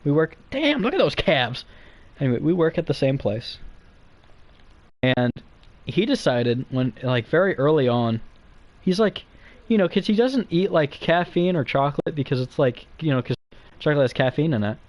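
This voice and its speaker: A man's voice: on the high side, big pitch swings, normal speed, darkish tone. A young man streaming, telling stories in a rambling, profane way full of fillers. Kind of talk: casual live-stream chat. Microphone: streaming mic.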